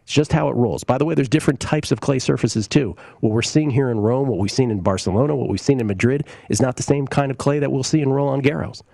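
A man hosts a sports betting talk show in a casual, opinionated way, full of fillers and quick asides. His voice sits in the middle pitch range. The sound is dry and close, with no room echo. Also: gravelly, dark tone. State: coughing, briefly choked up.

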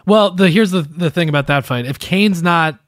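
A man's voice: fairly high pitch, moderate pace, no room sound, clean studio sound. A man filling in as podcast co-host, chatting easily and agreeably, thinking aloud. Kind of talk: casual podcast chat.

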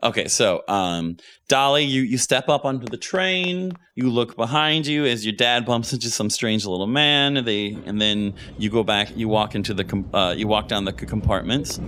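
A man's voice: on the low side, sharp tone, slight background noise. A man narrating as game master in a casual tabletop role-play, with frequent restarts. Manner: casual, halting, many restarts.

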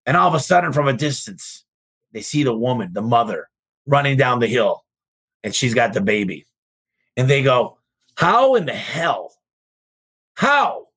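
Man, podcast host, motivational storytelling, excitable, casual swearing, middle pitch. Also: moderate pace, pauses often, breathy edge. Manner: excitable, jumps high for quoted voices, swears casually. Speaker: podcast host and business owner. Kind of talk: casual motivational talk with stories.

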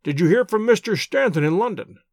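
A man voicing a shrewd, calm male detective who speaks in measured, courteous and gently ironic tones in an audiobook. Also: sits high, dry recording, clean studio sound, voice pushed up. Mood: pressing.

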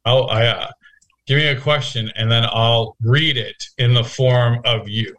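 A man's voice: medium pitch, fairly even intonation, measured pace, fairly bright tone. A man co-hosting a casual podcast chat, teasing and joking, laughing often. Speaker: podcast co-host.

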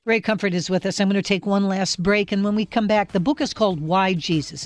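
A radio host leads the interview in a measured way, setting up the next question and the break. Faint music plays softly behind the voice. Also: mid-range voice, fairly even intonation.

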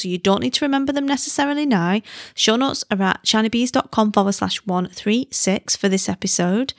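A woman's voice: medium pitch, vocal fry, no room sound, studio quality. A woman in her thirties hosting a podcast, chatting casually and rambling into giddy tangents. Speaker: podcast host. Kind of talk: casual chat.

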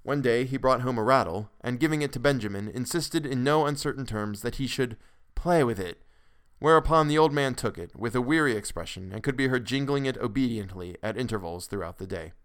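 Brief: a male podcast storyteller with a smooth, resonant voice, mid-pitched, measured and expressive. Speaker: podcast host and narrator. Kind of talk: dramatic storytelling reading.

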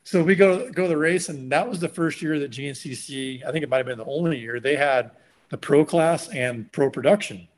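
A man with a slightly high voice tells a story in a relaxed, chatty way. He gets animated and jumps into quick impressions of what other people said. His delivery stays loose and full of fillers. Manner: animated, acts out quotes of others. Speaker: guest. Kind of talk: casual storytelling.

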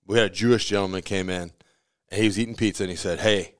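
A man's voice: deep voice, quick pace, no room sound, clean studio sound. A man who owns a pizzeria, telling stories in a casual interview, acting out the voices of the people in them and laughing often. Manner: animated storyteller who acts out quoted voices, laughs often. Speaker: pizzeria owner.

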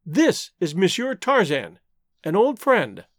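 A man lifts his voice into a young woman from an old storybook, soft and strained, pleading with a halting catch. The voice rises high and swings widely. It sounds dry and close. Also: huge pitch swings, no echo, heavily acted. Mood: nervous.

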